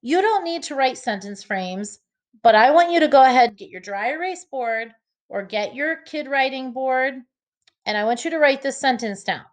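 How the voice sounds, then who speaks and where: A woman teacher giving an early reading lesson to children, slowly sounding out each letter and word. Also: sits high, lively intonation.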